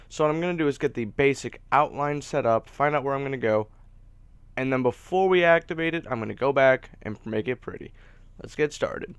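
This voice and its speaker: A man's voice: mid-range voice, smooth, dry recording. A man giving casual, chatty commentary over his own gameplay as host, rambling a little and poking fun at himself. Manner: chatty, rambling, self-deprecating. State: hiccups. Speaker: let's play host.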